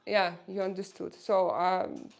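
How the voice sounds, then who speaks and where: A woman's voice: medium pitch, level tone, unhurried, gravelly. A woman from Russia speaking English with a Russian accent, hosting a casual livestream at home, hesitant and full of fillers as she greets viewers. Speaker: livestream host.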